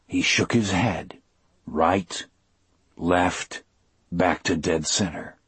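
A man narrating an audiobook in a measured, unhurried first-person telling. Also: deep voice, fairly bright tone, slightly rough, no echo.

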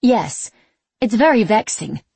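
A woman's voice: a little high, big pitch swings, slow pace, vocal fry, a little mellow, husky, dry recording, pitched above the performer's own voice, heavily acted. A woman voicing a wry, tired young woman with a dry, sardonic manner in a read-aloud story. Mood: insistent.

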